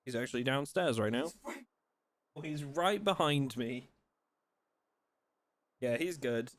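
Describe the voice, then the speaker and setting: A man with a mid-range voice live-streams a video game at a measured pace, chatting casually with viewers and complaining in a playful, animated way. He puts on mock outrage and switches to a soft voice when talking to his dog.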